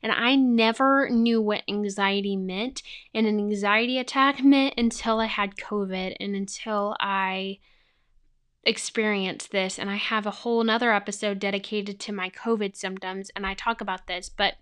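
A woman's voice: mid-range voice, fairly even intonation, normal speed, a bit bright, clean tone. A young woman hosting a podcast, telling a personal faith testimony in an earnest way and repeating words for emphasis. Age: young adult. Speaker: podcast host.

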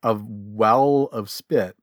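Podcast co-host, mid pitch, fast and stumbling over restarts, dry sound. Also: male voice, no echo. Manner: quick, self-interrupting, repeats words. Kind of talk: casual chat about comics.

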